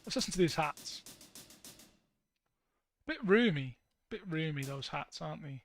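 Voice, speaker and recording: Brief: young guy, high pitch, playful and rambling, livestream producer chatting to his audience. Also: expressive, moderate pace, creaky, faint music behind. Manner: playful, rambling, jokey asides to chat. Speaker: band member streaming music production. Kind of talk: casual livestream chat while producing.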